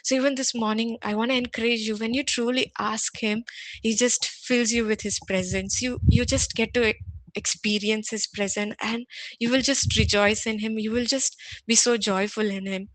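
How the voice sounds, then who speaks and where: A woman giving a morning devotional sermon, gentle and earnest, often restarting and repeating words. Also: on the high side, fairly even intonation, moderate pace, dry recording. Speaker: devotional speaker.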